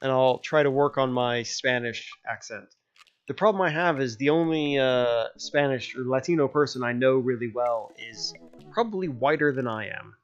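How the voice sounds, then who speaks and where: A man's voice: medium pitch, moderate pace. A young man streaming a dating game, joking and narrating as he plays. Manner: jokey, switches between narration and character voices. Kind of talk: voicing a dating game playthrough. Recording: slightly dull lo-fi sound with faint music.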